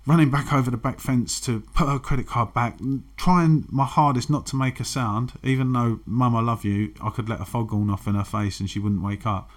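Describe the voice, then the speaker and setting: A man's voice: medium pitch, fairly even intonation, brisk, few pauses. A man, frankly telling his own recovery story and swearing freely. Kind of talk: candid personal testimony.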